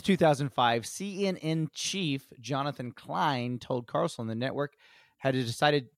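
A man's voice: mid-range voice, no room sound, studio quality. A man co-hosting a comedy history podcast, reading out notes with profane jokes and asides. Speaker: podcast co-host presenting history. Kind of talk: casual comedic podcast chat.

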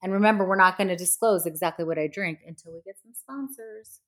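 A woman's voice: fairly low pitch, fast talker. A middle-aged woman co-hosting a podcast with her daughter, chatting casually in a blunt, teasing way. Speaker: podcast co-host, mother. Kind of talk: casual chat.

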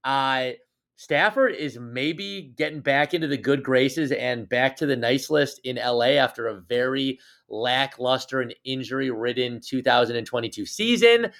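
A man's voice: medium pitch, animated, normal speed, a bit bright. A man co-hosting a casual sports podcast, teasing and joking as he talks. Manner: playful, teasing, jokey. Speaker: podcast co-host.

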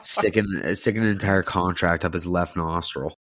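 Low-voiced guy on a podcast mic, swears a lot, teasing his buddies, dry sound. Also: fairly even intonation, normal speed, fairly bright tone, dry recording. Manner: crude, teasing banter with heavy swearing. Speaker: podcast co-host. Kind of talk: casual chat.

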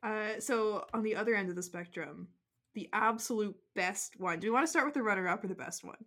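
A woman co-hosting a laid-back hockey podcast, her pitch sitting in the usual middle for a woman. She talks in a loose, chatty way, sprinkling in "like" and murmured agreement. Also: a little fast, a bit bright. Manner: chatty, frequent "like" and "mm-hmm". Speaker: podcast co-host. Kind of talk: casual sports chat.

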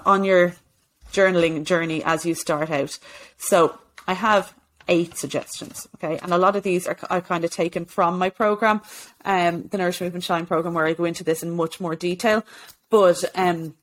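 A woman, hosting a solo health-coaching podcast in an earnest, encouraging way, with many "okay"s and restarts. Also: fairly low pitch. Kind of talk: solo podcast advice talk.

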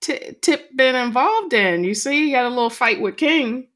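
A woman's voice: high voice, animated, moderate pace, fairly bright tone. A woman co-hosting a podcast, chatting casually and telling stories with a laugh. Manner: chatty, storytelling, laughs along. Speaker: podcast co-host. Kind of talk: casual chat.

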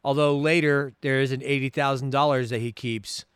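A man co-hosting a movie podcast in casual chat, joking with quick asides. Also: mid-range voice, fairly even intonation, fairly bright tone, clean tone, no room sound, clean studio sound. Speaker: podcast co-host.

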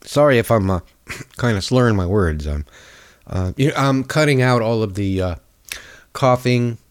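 A man's voice: medium pitch, lively intonation, moderate pace. A man hosting a show, ranting sarcastically about politics, his voice stuffed up with a cold. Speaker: podcast host. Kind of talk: political commentary rant.

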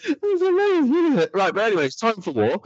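Guy hosting a podcast, joking around, pitch bouncing everywhere, dry dull sound. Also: fast talker, no echo. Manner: animated, jokey storytelling. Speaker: podcast host. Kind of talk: casual podcast chat.

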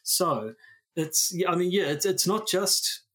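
A man's voice: high voice, lively intonation, measured pace, fairly bright tone, slightly rough. A man co-hosting a podcast in casual chat, rambling and correcting himself as he reads a statement aloud. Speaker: podcast co-host.

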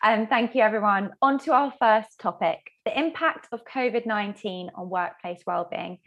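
A woman's voice: mid-range voice, moderate pace, highs cut off. Woman moderating an online panel.

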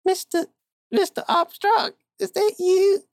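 A woman's voice: level tone, slow, no echo, clean studio sound, heavily acted. A woman voicing a hysterical, frantic woman pleading for help to find her lost cat. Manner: shrill, pleading, breathless.

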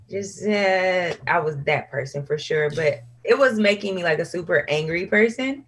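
As an interview guest, a woman singer talks candidly in casual conversation, laughing often and acting out things she once said in lively asides. Her mid-range voice has a breathy edge and a measured pace.

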